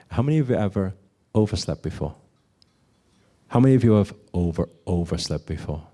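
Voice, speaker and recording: A man delivers a motivational talk to a crowd with a voice that swings high and low. He fires questions at the audience and acts out small back-and-forth exchanges, sprinkling "right?" and "okay?" everywhere. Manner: animated, asks the audience many questions, acts out little dialogues. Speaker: spiritual teacher.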